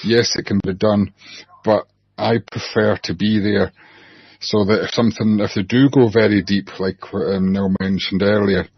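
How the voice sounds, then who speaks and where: A man, a therapist guest on an online panel, talking in an unhurried, reflective way. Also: fairly low pitch, fairly even intonation, breathy edge, no room sound. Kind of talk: casual panel chat. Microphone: video call. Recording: dull online call audio.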